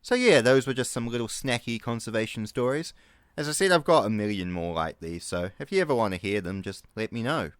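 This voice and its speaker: A man's voice: mid-range voice, lively intonation, fairly quick, smooth, no echo, clean studio sound. A man, a conservation ranger telling stories in a casual, chatty way and laughing often. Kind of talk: casual storytelling vlog.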